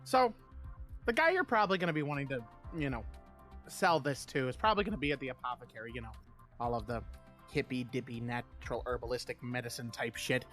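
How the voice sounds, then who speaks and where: A player in a tabletop game, talking in a rambling, animated way and swearing freely. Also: mid-range voice, fast talker, soft background music.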